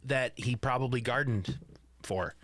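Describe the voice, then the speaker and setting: A man's voice: medium pitch, measured pace, fairly bright tone, no echo. A man co-hosting a podcast, recapping a movie in casual chat with wry asides and laughs. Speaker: podcast co-host.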